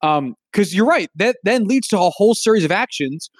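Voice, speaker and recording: A person co-hosting a casual film chat, talking in an animated, incredulous, profane way. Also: mid-range voice, a little fast, dry recording, clean studio sound.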